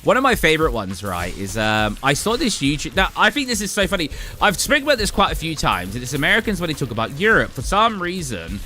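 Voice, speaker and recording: An Englishman with an English accent chatting on a live stream, his pitch swinging widely as he talks. His tone is bright and forward, and he laughs often. Faint music plays behind him. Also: wildly swooping pitch, fast talker. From England. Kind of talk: casual live-stream chat.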